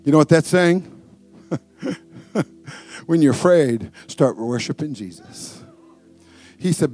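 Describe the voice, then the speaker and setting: Animated preacher man with a lively voice. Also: takes it slowly, long pauses, soft background music. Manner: animated, swings from booming to hushed, laughs often. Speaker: pastor. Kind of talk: lively sermon.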